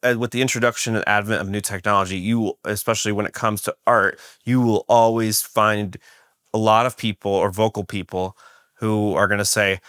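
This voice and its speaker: Low-voiced man rambling on a podcast. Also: flat delivery, fairly quick, fairly bright tone, smooth, dry recording, clean studio sound. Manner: rambling, restarts and hedges. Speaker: podcast host. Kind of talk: casual podcast conversation.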